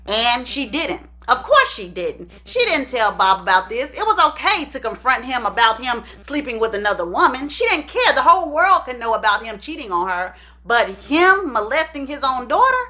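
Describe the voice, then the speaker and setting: A woman telling a story in casual, animated commentary, emphatic and chatty. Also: sits high, moderate pace, few pauses. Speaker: YouTube storyteller.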